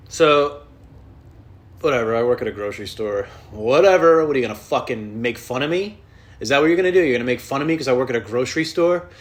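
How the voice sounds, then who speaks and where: A man with a medium-pitched voice and a quick pace runs a podcast solo, delivering a casual rant. He wanders from point to point, curses frequently and keeps rephrasing his sentences mid-stream.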